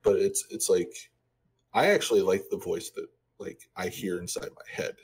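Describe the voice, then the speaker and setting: A man co-hosting a casual podcast, talking in a mellow, monotone, low-energy way. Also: moderate pace, slightly rough. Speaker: podcast co-host. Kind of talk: casual chat.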